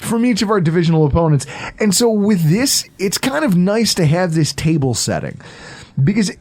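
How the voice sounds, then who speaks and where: Excitable man hosting a football podcast. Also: high-pitched, normal speed. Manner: excitable, swearing, laughs a lot. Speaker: podcast host. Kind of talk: casual sports podcast chat.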